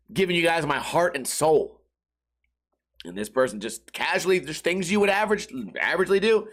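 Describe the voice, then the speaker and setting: A man's voice: fairly high pitch, fairly bright tone. A man hosting a solo podcast, telling rambling profane stories and slipping into mock voices. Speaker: podcast host. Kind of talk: casual solo rant.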